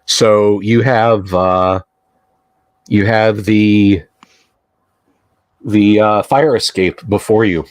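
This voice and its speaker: A man running a tabletop horror game on a livestream, narrating in a slow, halting way with many fillers. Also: fairly low pitch, dry recording. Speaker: game master.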